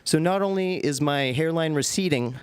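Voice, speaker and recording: Young man, dry deadpan stand-up. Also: fairly high pitch, normal speed, crowd noise. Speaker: stand-up comedian. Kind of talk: stand-up comedy set. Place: comedy club stage.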